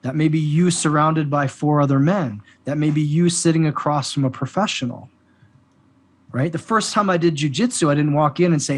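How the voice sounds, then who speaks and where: A man talking as a guest on a podcast about men's work, an animated storyteller who often acts out the back-and-forth of conversations. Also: a little high, a little fast.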